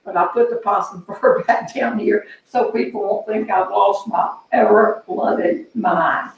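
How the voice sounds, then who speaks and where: A woman's voice: medium pitch, fairly even intonation, vocal fry, distant mic. Brief: older woman humorist, chatty storyteller, very echoey sound. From American South. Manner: folksy, chatty, drawn-out delivery. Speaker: humorist hosting a live show. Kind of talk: casual storytelling to online viewers. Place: back porch outdoors.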